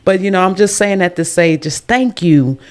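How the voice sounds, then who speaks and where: A woman's voice: lowish voice, moderate pace. A woman hosting a podcast who talks in an emotional, effusive way with churchy phrasing. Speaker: podcast host. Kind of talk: casual chat.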